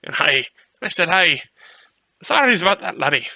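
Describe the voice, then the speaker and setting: A man's voice: a little high, sing-song, measured pace, gravelly, pushed and bright, no echo, heavily acted. A man voicing Poro, a cheeky male mutant reindeer who spins a rambling tale in a put-on Scottish-style brogue. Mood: boastful yarn. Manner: chatty, folksy, rolls through a tall tale. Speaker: player. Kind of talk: in-character tabletop storytelling.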